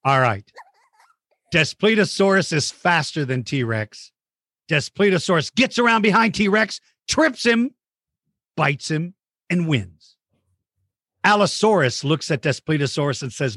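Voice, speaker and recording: A man's voice: a little high, sing-song, measured pace, a bit bright, no echo, clean studio sound. A man hosting a playful chat with a child about dinosaur battles, goofy and teasing with mock outrage. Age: adult. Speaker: host interviewing a child.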